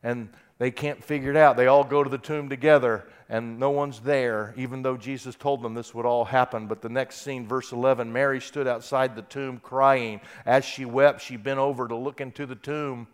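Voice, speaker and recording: A man preaching a sermon who reads scripture aloud and swings from quiet, soft passages to loud, impassioned peaks. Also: medium pitch, steady tone, normal speed, hardly any pauses, smooth. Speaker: pastor.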